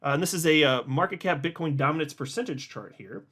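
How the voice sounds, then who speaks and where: Brief: man, casual commentary host, blunt and emphatic, voice sits a bit high. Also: animated, fast talker, a bit bright. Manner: blunt, emphatic, conversational, with frequent uh fillers. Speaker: host of a crypto market channel. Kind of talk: casual market commentary, reading posts aloud.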